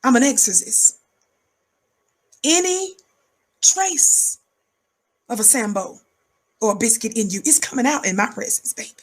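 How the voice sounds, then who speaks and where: A woman's voice: very animated, a little slow, long pauses, slightly rough. A woman giving fiery preaching-style commentary, emphatic and rhythmic, repeating words for effect. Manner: calls herself high-energy.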